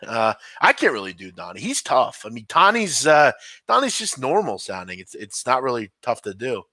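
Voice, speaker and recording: A laid-back man hosting a casual late-night sports chat, chuckling and self-deprecating, his voice starting to go hoarse. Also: medium pitch, wildly swooping pitch, normal speed, sharp tone, no echo, studio quality. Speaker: fill-in host.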